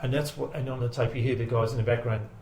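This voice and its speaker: A man's voice: mid-range voice, fairly even intonation, quick pace, a little mellow, slight background noise. Man telling a story in a roomy echo. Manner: conversational storyteller, many ums, checks in with "right?". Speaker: guest UFO investigator. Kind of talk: retelling a story, reading out a radio transcript.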